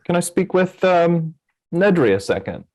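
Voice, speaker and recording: A man speaking as a player in a tabletop game, tentative and halting. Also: high-pitched, sing-song, a little mellow, dry recording. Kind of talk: casual tabletop play.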